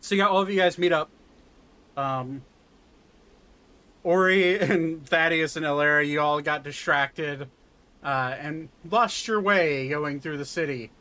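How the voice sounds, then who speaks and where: A man narrating a tabletop role-playing game as game master, in a slow, meandering way full of ums and uhs. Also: a little high, pushed and bright. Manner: slow and meandering, with many fillers.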